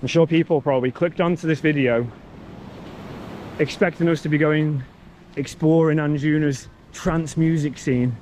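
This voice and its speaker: A travel vlogger from England with a northern English Warrington accent chats casually while walking along a beach outdoors, telling stories in a self-mocking way. His voice is fairly high-pitched and a little mellow. The recording is low quality, with slight background noise.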